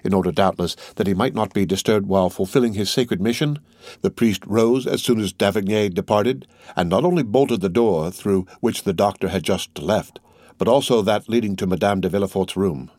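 A man reads a classic novel aloud in steady, measured audiobook narration. His voice sits low. The recording is dry and close, with no room sound. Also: no echo. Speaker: audiobook reader.

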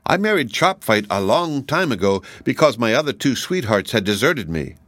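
A man's voice: medium pitch, very animated, moderate pace, fairly bright tone, no echo, voice pushed up. A man voicing a pretty young Munchkin woman who speaks in a cool, polite manner.

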